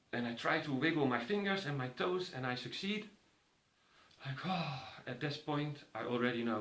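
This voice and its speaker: A man's voice: fairly high pitch, lively intonation, moderate pace, a bit bright. A man vividly telling a personal story to an audience, acting out the voices of others. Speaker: speaker. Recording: roomy echo.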